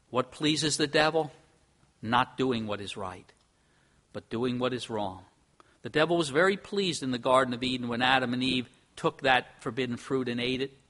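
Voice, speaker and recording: A middle-aged man preaching a sermon in an earnest, emphatic way, moving between soft and loud. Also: medium pitch, a little slow, long pauses. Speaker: pastor.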